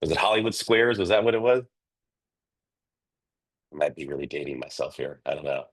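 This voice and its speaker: A man's voice: extremely low pitch, expressive, a little fast. A man with a nasal voice, hosting an online coaching session for real estate agents over a video call, chatty and loose with lots of fillers.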